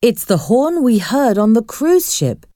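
A woman voicing a calm, observant young woman who explains things in a bright, slightly raised voice. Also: on the high side, measured pace, dry recording, clean studio sound, voice pushed up. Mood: earnest.

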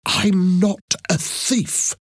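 A man reading an audiobook and voicing a frightened but brave young woman tourist in a husky voice. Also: on the low side, sing-song, unhurried, a little mellow, no room sound, studio quality, exaggerated voice. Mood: upset, pleading.

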